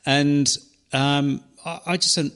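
A man, co-hosting a casual podcast and telling animated stories while acting out other people's lines. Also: a little high, slow pace, clean tone. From New Zealand, born to an English father. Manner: animated storyteller, acts out voices and laughs. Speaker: podcast co-host.

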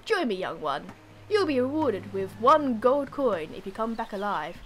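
A woman's voice: on the high side, very animated, moderate pace, soft background music. A woman voicing an old, mysterious man who challenges a child to a board game, solemn and riddling.

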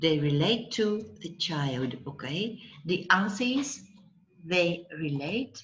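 A woman teaching a language lesson online, patient and deliberate, breaking words into syllables and checking in with the student. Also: fairly low pitch, lively intonation, a bit bright, highs cut off. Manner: patient, slow, spells out syllables and checks with "okay?".

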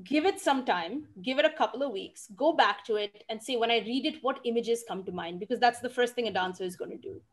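A woman answering audience questions in an online session, expressive and emphatic, stressing words to make her point. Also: fairly high pitch, brisk, few pauses. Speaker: featured dancer and speaker. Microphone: video call.

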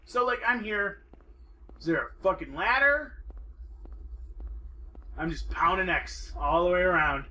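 Sarcastic male co-host, bright, high. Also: animated, unhurried, long pauses, far from the mic. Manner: sarcastic, swears a lot. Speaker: let's play co-host. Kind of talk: casual gameplay banter.

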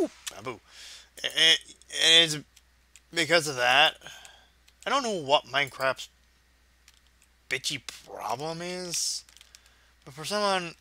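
A man's voice: medium pitch, pushed and bright. A man rambling through let's-play game commentary, swearing casually and talking to himself and his viewers. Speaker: gaming video host.

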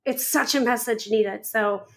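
A woman's voice: fairly high pitch, a little slow, a bit bright. Chatty female podcast host. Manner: chatty, informal, lots of fillers. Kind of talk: casual interview chat.

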